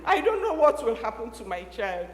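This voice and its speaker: A woman's voice: medium pitch, sing-song, normal speed, reverberant, big-room sound, a little hiss or hum, voice pushed down, natural voice. A woman preacher voicing an anxious Hebrew mother who pleads with God for her baby. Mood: pleading prayer.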